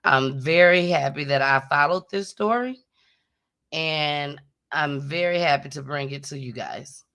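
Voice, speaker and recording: A woman hosting a casual commentary show, talking in an animated, chatty and emotional way. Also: sits low, a little slow. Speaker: host.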